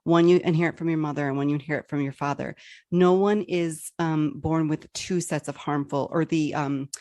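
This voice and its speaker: A woman's voice: low voice, steady tone, normal speed, darkish tone, no room sound, studio quality. A woman podcast host interviewing a guest, reading figures aloud hesitantly with many fillers.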